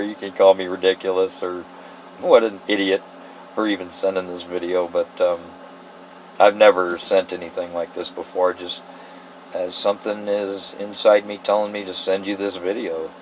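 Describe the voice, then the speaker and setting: A man from Eastern Washington pitching a story idea in a rambling, earnest, often emotional way, laughing between thoughts. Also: a little hiss or hum, poor audio. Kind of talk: casual spoken story pitch.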